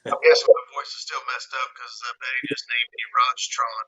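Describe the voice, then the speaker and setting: A man hosting a casual live-stream chat about fishing, reading out viewer comments in a relaxed way. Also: mid-range voice, fairly quick, low-quality recording. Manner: easygoing, reads viewer comments aloud.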